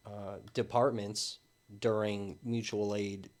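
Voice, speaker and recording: A man's voice: lowish voice, level tone, takes it slowly, darkish tone. A man speaking as an interview guest, conversational and a little hesitant, agreeing often. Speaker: journalist guest. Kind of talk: casual interview talk.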